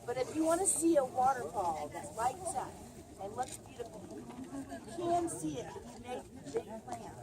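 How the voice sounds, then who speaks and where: Brief: animated woman ranger telling stories outdoors, high voice, noisy open-air camera audio. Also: normal speed. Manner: animated storytelling, shouts out lines. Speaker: park ranger. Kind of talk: spirited outdoor ranger talk. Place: outdoor amphitheater at sunset.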